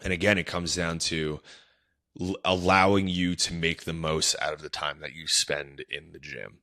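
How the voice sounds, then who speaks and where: A man's voice: low voice, fairly even intonation, moderate pace, bright, forceful tone, no echo, studio quality. A young man, a fitness coach, hosting his own podcast alone and rambling casually with lots of fillers and restarts. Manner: rambling, loose and unscripted, with many fillers and restarts. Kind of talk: casual solo podcast talk.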